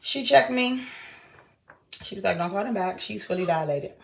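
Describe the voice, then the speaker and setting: A young woman vlogging, telling a story in a lively way and acting out everyone's lines. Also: medium pitch, normal speed, gravelly. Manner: animated retelling, acting out quoted voices. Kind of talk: casual storytelling vlog.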